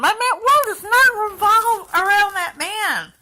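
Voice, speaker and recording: A woman's voice: very high voice, expressive, unhurried, pushed and bright, poor audio. A woman talking in an emotional, heartfelt personal vlog, rambling and sighing now and then. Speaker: vlogger.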